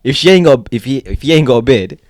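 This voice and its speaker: A young man from East London with a London accent, co-hosting a casual podcast chat in a relaxed, joking, often quiet way. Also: mid-range voice, fast talker, no room sound, clean studio sound. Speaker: podcast co-host.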